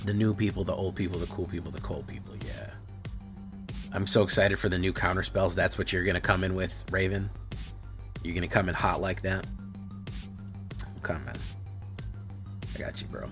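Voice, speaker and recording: A man with a very low, deep voice chats loosely on a live stream, rambling, cursing freely and answering viewers as he goes. He speaks, and faint music plays underneath. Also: normal speed, long pauses. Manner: rambling, swears freely, talks to chat. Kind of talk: casual live-stream chat.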